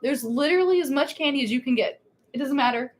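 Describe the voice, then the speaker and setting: High-pitched woman yapping away on a live stream, chatty and upbeat. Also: fast talker. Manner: chatty, animated, lots of fillers. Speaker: co-host of a theme park channel. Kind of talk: casual live-stream chat.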